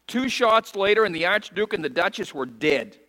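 A male pastor preaching with a high, bright, forceful voice. He swings from fervent near-shouts to hushed, tender lows. His voice rings out with a long reverb through a church hall. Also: animated, moderate pace. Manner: impassioned preaching that rises to shouts and drops to soft intimate lows. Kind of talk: sermon.

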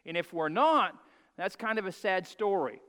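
A man preaching a sermon as pastor, moving from soft, hushed asides to loud, emphatic declarations and leading the congregation to repeat phrases. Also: sits high, animated, normal speed, smooth. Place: church sanctuary. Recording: long hall reverb.

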